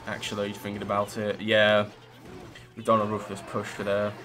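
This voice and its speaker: A man's voice: on the low side, completely flat delivery, normal speed. A man giving chatty live commentary over his own gameplay, narrating each move with self-critical asides.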